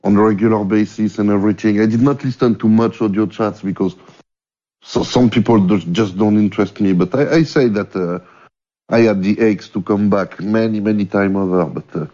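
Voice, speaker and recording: A man from French-speaking Switzerland with a Swiss French accent, speaking in halting English as a returning guest and repeating words as he searches for them. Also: on the low side, fairly even intonation, dark tone. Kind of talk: casual chat. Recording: muffled lo-fi audio.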